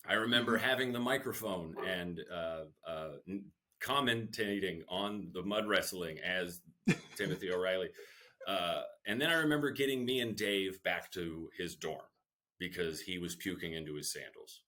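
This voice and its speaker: Deep-voiced man telling a wild story. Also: moderate pace. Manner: animated, self-deprecating storyteller who swears. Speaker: guest comedian. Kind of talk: storytelling in a podcast interview.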